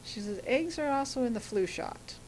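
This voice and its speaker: A middle-aged woman telling a personal story as a guest, animated, acting out the voices of people she quotes. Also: a little high, moderate pace, slight background noise, poor audio.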